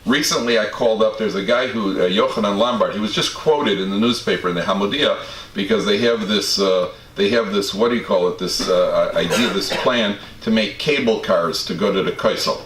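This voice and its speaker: Male rabbi-lecturer, anecdotal and wry; deeper voice, faint room hum behind. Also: fairly quick, fairly bright tone. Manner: anecdotal, self-deprecating humor with frequent restarts and stammers. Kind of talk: storytelling talk to an audience. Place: community study hall. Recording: roomy hall from a distance, faint background ambience.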